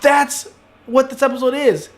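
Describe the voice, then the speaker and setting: Gushing high-voiced anime reviewer man. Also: a little slow. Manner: excitable, gushing, profane. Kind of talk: casual video review.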